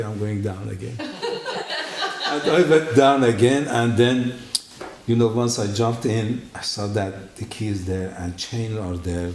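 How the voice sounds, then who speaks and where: Guy telling his testimony in a church, voice jumps high when he quotes people, echoey hall, bit of hiss. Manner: animated storytelling, acting out quotes with big pitch jumps. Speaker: guest giving a testimony. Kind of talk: personal testimony story.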